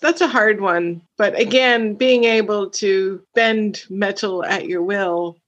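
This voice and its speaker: A woman's voice: medium pitch, takes it slowly, fairly bright tone, highs cut off. Articulate woman teacher hosting chat. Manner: articulate, explains clearly, teasing. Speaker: English teacher and host. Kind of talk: casual conversation.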